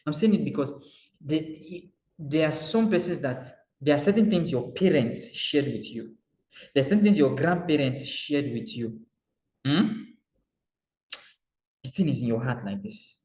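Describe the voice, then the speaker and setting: Nigerian male motivational coach, slightly high voice, lively and repetitive, muffled roomy recording. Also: a little slow, pauses often. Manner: animated, acts out dialogue, repeats phrases.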